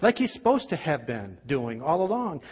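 A man preaching a sermon, asking emphatic rhetorical questions and dropping at times to quiet, intense tones. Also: very animated, normal speed, breathy edge. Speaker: pastor. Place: church. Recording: dull, boomy hall sound.

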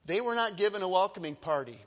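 A male pastor preaches with emphatic, dramatic storytelling, building to forceful peaks. His voice sits high and bright, and a long hall reverb trails behind every phrase. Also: lively intonation, fast talker. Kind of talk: sermon.

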